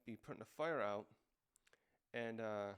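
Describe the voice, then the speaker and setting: A man's voice: on the low side, a little slow, fairly bright tone, smooth. A man hosting a casual recap, talking off the cuff with lots of fillers and restarts. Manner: rambling, many fillers and restarts. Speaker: manga review host.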